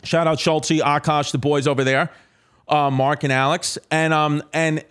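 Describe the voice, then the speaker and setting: A man's voice: on the high side, flat delivery, moderate pace, a bit bright, clear, resonant tone. A man hosting a podcast, rambling and joking in casual chat with plenty of fillers. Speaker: podcast host.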